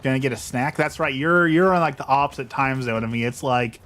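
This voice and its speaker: Young male streamer, casual and rambling, mid pitch, self-mocking, faint music underneath. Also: fairly quick, a bit bright. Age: young adult. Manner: rambling, self-deprecating, frequent restarts. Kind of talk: casual gameplay chat.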